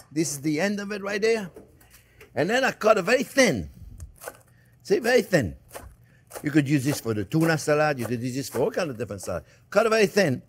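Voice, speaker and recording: A man hosting a cooking show, chatting his way through a recipe and often calling his viewers friends. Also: a little high. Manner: chatty and animated, keeps addressing viewers as friends. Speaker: chef and cooking show host. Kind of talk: casual cooking demonstration.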